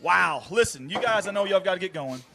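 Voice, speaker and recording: A man hosting a live stream, talking earnestly after a high school football game. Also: lively intonation, fairly quick, gravelly, slight background noise. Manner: warm, earnest, repeats himself. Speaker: stream host. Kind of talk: casual postgame chat.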